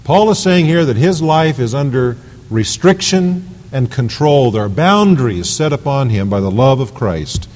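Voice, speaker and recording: A man's voice: medium pitch, darkish tone. A man preaching a sermon to his congregation, pushing his voice up on key phrases. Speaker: pastor. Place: church sanctuary. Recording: hall reverb in a church.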